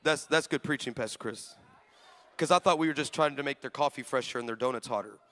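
A male pastor preaching a sermon, telling stories with lively energy, acting out the people in them, and bursting into shouts. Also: mid-range voice, fast talker. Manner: acts out the people in his stories.

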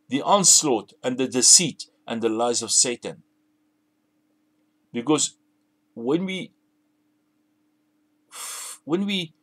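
A man preaches a sermon with a voice sitting a little higher than most men's. He presses his points emphatically, circling back and repeating phrases as he goes. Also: a bit bright.

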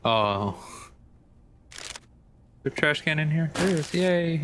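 A man's voice: a little high, animated, slow pace, fairly bright tone, a little hiss or hum. A man giving nervous, profanity-laden commentary while playing a horror game, talking to his viewers. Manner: nervous, jumpy, swears a lot. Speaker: gaming video creator.

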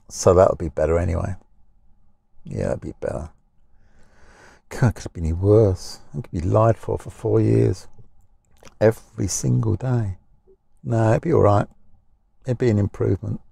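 A man's voice: lowish voice, gravelly, dark tone, no echo, clean studio sound. A man, talking casually from inside a parked car, rambling and grumbling in a blunt, plain-spoken way. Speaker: vlogger. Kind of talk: casual talking-head rant.

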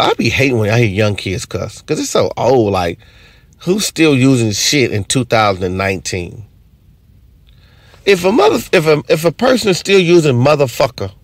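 A man in an unscripted comedy monologue, ranting in a profane, animated way. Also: medium pitch, no room sound.

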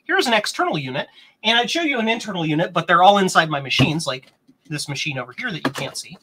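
A rambling, chatty man hosts a casual live stream with a bright, forward tone. He wanders between explanations and viewer comments, and now and then his pitch jumps up with excitement. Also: fast talker, a little hiss or hum. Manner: excitable, bursts into higher pitch. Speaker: host of a vintage computer stream.

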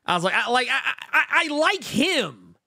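A man co-hosting a casual podcast chat, talking in quick bursts with many stammered restarts and reading out viewer comments. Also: very high voice, big pitch swings, bright, forceful tone, dry recording, clean studio sound. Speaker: podcast co-host.

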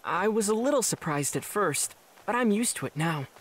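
A woman voicing a calm, patient teenage boy. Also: medium pitch, moderate pace, slight background noise, lightly acted. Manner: steady, patient, polite.

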